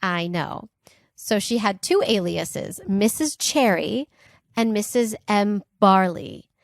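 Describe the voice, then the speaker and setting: A woman co-host telling a history story in a relaxed, chatty way, with "like" and "um" asides. Her voice sits at an ordinary middle pitch. The sound is dry and close, with no room in it. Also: slow pace, vocal fry, no echo. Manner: chatty and animated, laughs often, asides with "like" and "um". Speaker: podcast co-host. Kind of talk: casual chat retelling history.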